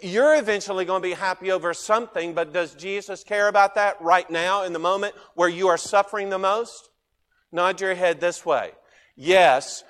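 A man preaching a sermon, animated, asking his listeners questions and swinging between loud bursts and quiet asides. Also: sits high, big-room sound. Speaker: pastor.

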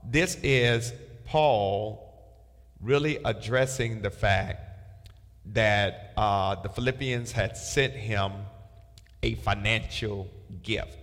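Guy with a lowish voice running bible study, reads verses then says underline this circle that, reverby hall. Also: slow, a bit bright. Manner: reads scripture aloud with marking instructions. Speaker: pastor.

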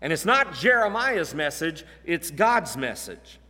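An earnest man preaching an expository sermon, leaning on repeated phrases for emphasis. His voice sits a little high and sounds bright and forceful, carried by a long hall reverb. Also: big pitch swings, unhurried. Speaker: pastor.

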